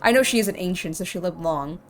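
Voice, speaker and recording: A woman's voice: fairly low pitch, expressive, quick pace, a little hiss or hum. A woman streamer giving casual let's-play commentary, rambling and heartfelt with lots of "like". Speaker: game streamer. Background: faint game music.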